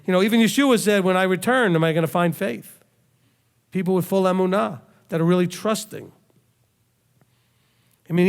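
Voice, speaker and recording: A man who leads a congregation, preaching a conversational sermon full of rhetorical questions and emphatic repetition. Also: high voice. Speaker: rabbi, congregation leader. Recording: long hall reverb.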